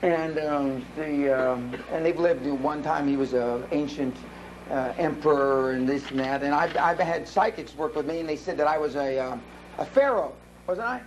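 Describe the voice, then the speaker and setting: Brash, high-voiced man at a live seminar. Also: moderate pace, slight background noise, rough recording. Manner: brash, profane storytelling. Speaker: seminar speaker. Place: seminar room.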